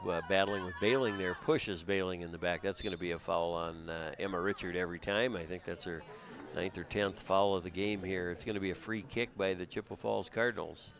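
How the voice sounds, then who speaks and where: Low-voiced man calling a soccer match. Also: vocal fry. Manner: steady, conversational, with frequent uh fillers. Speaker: play-by-play commentator. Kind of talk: live sports commentary. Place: outdoors at a high school soccer field. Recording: crowd noise in the background. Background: crowd noise.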